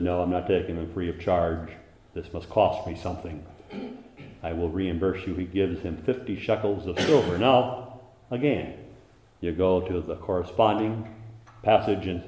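Male preacher, low voice, passionate sermon delivery with big dynamic swings, roomy reverb. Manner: impassioned, swells to loud emphasis and drops to hushed asides.

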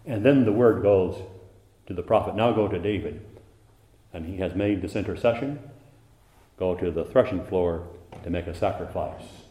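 Deep-voiced preacher in an echoey room. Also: male voice, moderate pace, long pauses, slight background noise. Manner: impassioned, swells to loud emphasis and drops to hushed asides. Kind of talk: sermon.

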